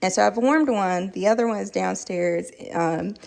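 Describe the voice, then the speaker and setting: Woman, reviewer-vlogger, comic and rambling, fry-edged voice. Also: medium pitch, moderate pace, darkish tone. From Southern United States. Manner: playful, rambling, comic storytelling with fillers. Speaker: candle reviewer. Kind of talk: casual storytelling review vlog.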